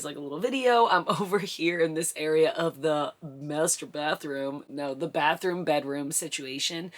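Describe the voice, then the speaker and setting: A young woman vlogger telling a story to her camera, breathless and excited, acting out the quotes she recalls. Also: on the low side.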